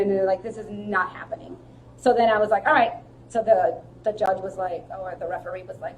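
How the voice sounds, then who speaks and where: A woman in a casual chat, telling stories about her jiu-jitsu competitions, lively and laughing as she acts out what people said. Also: medium pitch, a little fast, dull audio, a little hiss or hum. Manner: animated, laughing, acts out quotes. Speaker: jiu-jitsu fighter, guest.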